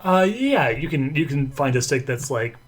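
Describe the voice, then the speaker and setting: A man's voice: mid-range voice, sing-song, normal speed. A man running a tabletop role-playing game as game master, talking casually and rambling with many fillers.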